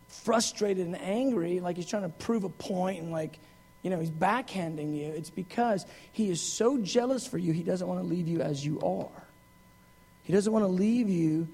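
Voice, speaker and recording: A man preaching a sermon in an animated, conversational way, with frequent asides and acted quotes. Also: high voice, breathy edge.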